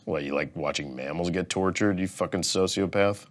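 Deep-voiced profane male comedian. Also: moderate pace. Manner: profane, swings from loud outbursts to mumbled asides. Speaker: comedian rating things as overrated or underrated. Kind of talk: comedic rant to camera.

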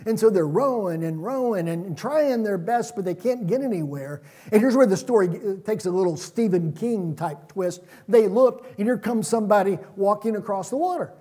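A man preaching a sermon in a church, retelling stories in a relaxed, conversational way. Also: high voice, moderate pace, hardly any pauses, husky.

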